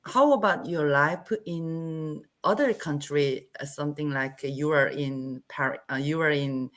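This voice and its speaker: A woman's voice: low-pitched, measured pace. A woman learning English on a video call, hesitant and searching for words with many fillers. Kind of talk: online tutoring conversation.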